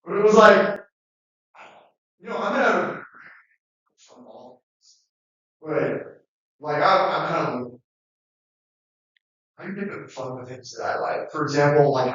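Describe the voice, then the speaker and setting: A man's voice: fairly high pitch, a little slow, pauses often, fairly bright tone. A man giving a classroom lecture in a rambling, conversational way, with many fillers and restarts. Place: lecture room. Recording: muffled, very echoey, distant.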